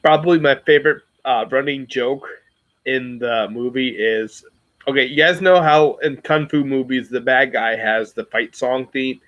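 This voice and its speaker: A man's voice: mid-range voice, moderate pace, a bit bright, no room sound, dull audio. A man casually chatting to his viewers, rambling and self-reflective, with many fillers and restarts. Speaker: YouTuber talking to his viewers. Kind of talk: casual livestream chat.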